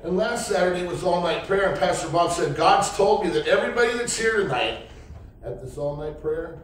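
This middle-aged man's testimony at a night church service comes in a high-pitched voice with lively intonation and a fairly quick pace. He wanders through his story like a rambling storyteller, performing the quoted speech, and the recording is distant and echoey in a church hall with faint hiss.

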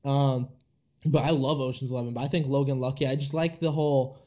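A man's voice: mid-range voice, steady tone, fairly quick, mellow. A young man co-hosting a film podcast, rambling enthusiastically in casual chat, full of "like" and "dude". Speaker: podcast co-host.

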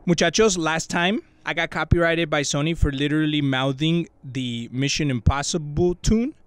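A man giving excitable, swearing, comedic commentary while playing a game, slipping between English and Spanish slang. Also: on the high side, moderate pace, clear, resonant tone. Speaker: VR gaming YouTuber.

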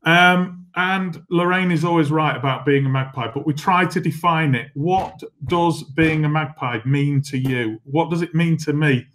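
A middle-aged man presents a business masterclass. He moves briskly through slides and tells self-deprecating anecdotes in a chatty, informal way. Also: on the high side, fairly bright tone, slight background noise. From England. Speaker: company chief executive giving a guest talk.

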